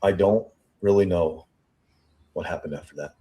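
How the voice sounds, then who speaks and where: A man with a somewhat low voice talks through a witness statement piece by piece on his true crime show. He thinks out loud, repeats words while searching for the right one, and reads quoted lines back slowly before rushing through his comments. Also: lo-fi sound. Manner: thinking aloud, repeats and restarts phrases, pace shifting between slow and rushed. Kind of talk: statement analysis commentary, reading quotes aloud.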